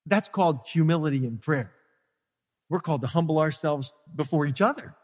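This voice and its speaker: High-voiced pastor preaching in a hall. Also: male voice, moderate pace. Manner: conversational, animated, acts out prayers. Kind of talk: sermon. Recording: live-streamed hall with long reverb.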